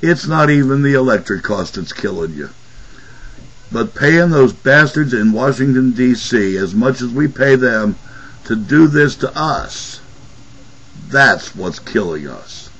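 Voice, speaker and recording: Slow husky-voiced man ranting angrily. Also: medium pitch, expressive, a bit bright, muffled recording. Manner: sarcastic and profane. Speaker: political commentary vlogger. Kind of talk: angry political rant.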